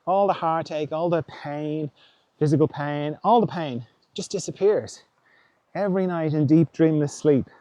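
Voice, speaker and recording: A man with a somewhat high, mellow voice gives a gentle, musing spiritual talk. He often voices imagined inner thoughts aloud. The sound is close and dry. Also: unhurried, no echo. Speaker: podcast host.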